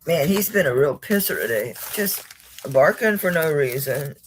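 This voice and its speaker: A woman's voice: sits low, lively intonation, normal speed, slight background noise. Sleepy woman chatting on a live stream. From United States. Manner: sleepy, yawning, chatty, greets viewers by name. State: drowsy. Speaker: jewelry livestream seller. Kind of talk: casual live-stream chat. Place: home, indoors.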